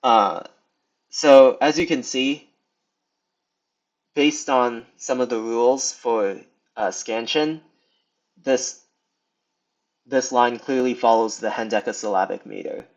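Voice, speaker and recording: A young man giving a casual screen lesson, talking through it with many pauses, ums and restarts. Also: medium pitch. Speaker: video tutor. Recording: slightly dull lo-fi sound.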